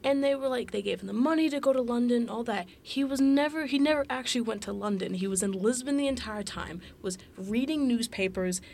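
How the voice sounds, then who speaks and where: A young woman co-hosts a casual podcast, her voice carrying a gravelly fry. She tells stories in a chatty rush, acting out quotes and leaning on "like". A faint hiss sits under the recording. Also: a little high, brisk, hardly any pauses, a little mellow. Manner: chatty storyteller, acts out quotes, many fillers. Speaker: podcast co-host. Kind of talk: casual chat.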